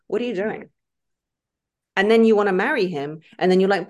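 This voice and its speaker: A woman, a podcast guest in casual interview chat, talking emphatically and acting out quoted lines in lively voices. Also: on the low side, brisk.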